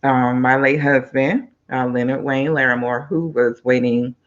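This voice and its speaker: A woman's voice: very deep voice, steady tone, measured pace, lo-fi sound. A woman hosting a live-stream talk show, chatty and upbeat, speaking straight to her viewers.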